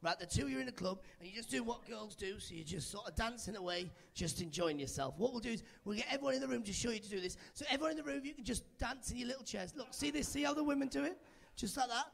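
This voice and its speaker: A man's voice: very high voice, lively intonation, fast, gravelly, fairly bright tone. A man doing live stand-up on a club stage, teasing the crowd in chatty, playful banter into a handheld mic. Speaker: stand-up comedian.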